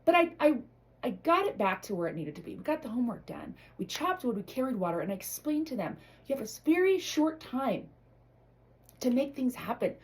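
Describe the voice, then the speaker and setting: A woman's voice: a little high, sing-song, fast, low-quality recording. A middle-aged woman delivering a blunt, emotional motivational monologue to her followers, swearing freely. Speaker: motivational vlogger.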